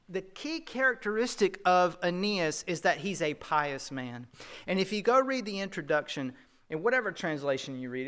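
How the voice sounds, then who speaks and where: Bright, high-voiced Southern preacher man. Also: smooth. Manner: conversational, lively preaching with rhetorical questions. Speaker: pastor. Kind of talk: sermon.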